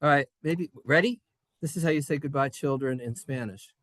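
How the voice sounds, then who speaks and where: A man's voice: a little high, a little fast, fairly bright tone, no room sound, studio quality. A man teaching a playful Hebrew lesson to children in a synagogue classroom, jokey and sing-song.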